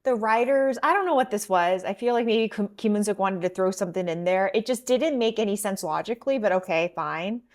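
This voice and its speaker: Animated woman recapping a drama. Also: medium pitch, fairly quick, few pauses. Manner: animated storytelling, acts out quotes. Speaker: podcast co-host. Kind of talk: casual recap chat.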